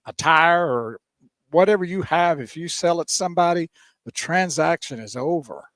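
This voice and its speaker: A man's voice: fairly high pitch, animated, normal speed, a bit bright, no echo. Easygoing male radio co-host. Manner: easygoing, laughs often, reads names aloud. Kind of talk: casual radio chat.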